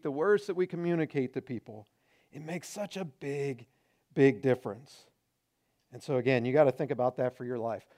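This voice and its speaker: A middle-aged man preaching a sermon as pastor, conversational and animated, acting out quoted remarks. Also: on the high side.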